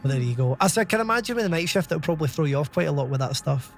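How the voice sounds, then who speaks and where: A man's voice: a little high, animated, very fast, vocal fry, a little hiss or hum. A man chatting casually on a game live stream, rambling and laughing often.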